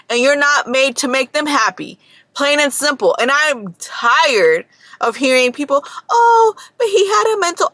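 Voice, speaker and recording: A young woman with a high, bright and sharp voice rants in a blunt, profane monologue from inside her car. The sound is close and dry, with no room around her. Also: dry recording. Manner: blunt, profane, heated ranting. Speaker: vlogger. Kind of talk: ranting casual monologue. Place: parked car.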